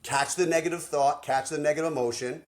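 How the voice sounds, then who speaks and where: A man who works as a life coach and hosts a podcast. He tells stories in an energetic, slangy way and acts out the dialogue he quotes. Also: on the high side, a little fast. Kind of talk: animated storytelling conversation.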